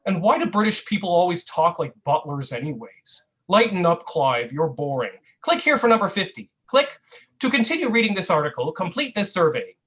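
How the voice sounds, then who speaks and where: A man at an online open mic, reading a comic piece in a mock-earnest, satirical way and drawing out his deadpan asides. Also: high-pitched, moderate pace, lo-fi sound. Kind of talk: comic spoken-word reading.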